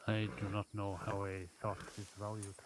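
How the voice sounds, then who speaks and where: A man voicing a terse, stern frontier man who speaks slowly and matter-of-factly. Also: lowish voice, noisy background, natural voice. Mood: deadpan. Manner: slow, flat and matter-of-fact.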